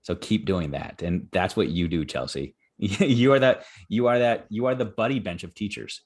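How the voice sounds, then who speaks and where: A man hosting a podcast, talking in an earnest, encouraging and animated way. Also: lowish voice, moderate pace. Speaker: podcast host. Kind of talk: conversational podcast interview.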